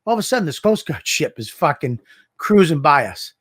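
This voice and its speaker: A man co-hosting a podcast, telling a profane, animated story in casual banter on a studio microphone. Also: on the high side, a little fast, husky, no echo. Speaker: podcast co-host.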